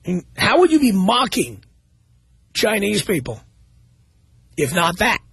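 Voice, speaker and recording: A man's voice: high-pitched, very animated, unhurried, fairly bright tone, breathy edge, dry recording. A man hosting a talk radio show, reading news stories aloud and commenting on them sarcastically.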